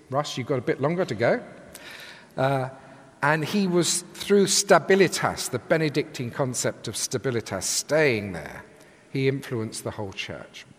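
An older man from England preaching a sermon from the pulpit with a lively, emphatic cadence. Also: medium pitch. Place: large church with long reverb. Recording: echoey church hall.

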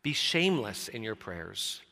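A man preaching a sermon in a conversational way, dropping soft and low, then rising when he quotes scripture. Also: big pitch swings, measured pace, creaky. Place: church sanctuary. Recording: church hall reverb.

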